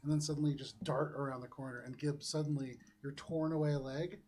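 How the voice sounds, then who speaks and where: A man's voice: fairly high pitch, level tone, brisk, a little mellow, slight background noise. A young man narrating a tabletop game as game master, easygoing and descriptive, with many fillers.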